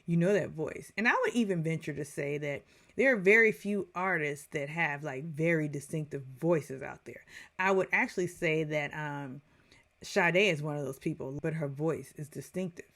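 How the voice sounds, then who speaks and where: A woman's voice: sits low, moderate pace, fairly bright tone. A woman in her forties giving a casual, chatty movie review, full of digressions and playful asides.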